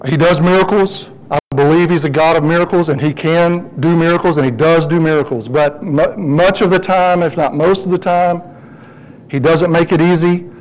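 A middle-aged pastor preaches a sermon and shares a personal story, lively and animated, his voice leaping high whenever he quotes himself. He speaks at a normal pace, and the audio quality is poor.

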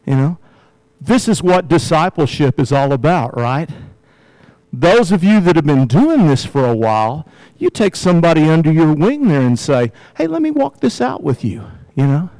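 A man's voice: on the high side, sing-song, normal speed, darkish tone, dry recording, rough recording. An older man preaching a casual, conversational sermon to his church, peppering his points with "you know" and "right?" and light chuckles. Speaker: pastor.

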